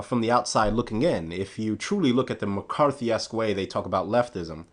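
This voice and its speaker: A man delivering a scripted political commentary monologue, sarcastic and scornful, punching key words with rising emphasis. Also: lowish voice.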